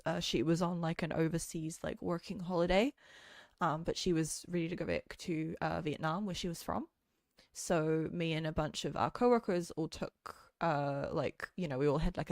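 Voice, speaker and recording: A woman's voice: lowish voice, darkish tone, no room sound, studio quality. A woman, chatting casually on a livestream in a rambling way, full of filler words. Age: late 20s. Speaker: VTuber streamer. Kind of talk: casual chat stream.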